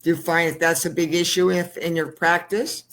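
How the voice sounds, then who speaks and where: A woman's voice: on the low side, flat delivery, moderate pace. A woman hosting a talk show interview, blunt and opinionated, with a teasing edge. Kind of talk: casual interview chat.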